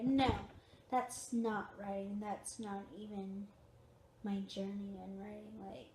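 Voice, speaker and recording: A woman's voice: mid-range voice, little pitch movement, slow, dark tone, echoey room. A young woman talking casually to her camera from a recliner at home, tired and yawning, repeating her points with emphasis. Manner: chatty, repetitive, emphatic. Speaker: vlogger.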